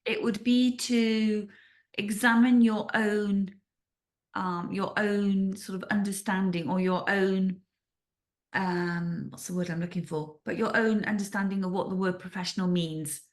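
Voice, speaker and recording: A woman hosting a podcast interview, asking questions and restating answers with searching pauses. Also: medium pitch, steady tone. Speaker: podcast host.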